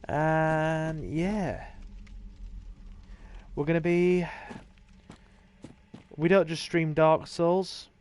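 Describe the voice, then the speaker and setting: A man's voice: a little high, darkish tone, slight background noise. Dry-humoured male game streamer. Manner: dry, self-deprecating chatter to chat. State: dry-mouthed and thirsty. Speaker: gaming streamer. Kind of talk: casual live game commentary.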